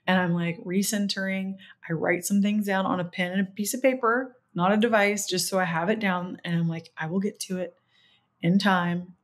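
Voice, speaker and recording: A young woman hosting a podcast, telling a personal story in a chatty, animated way and acting out quoted dialogue. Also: medium pitch, brisk, few pauses. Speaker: podcast host. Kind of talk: casual solo podcast storytelling.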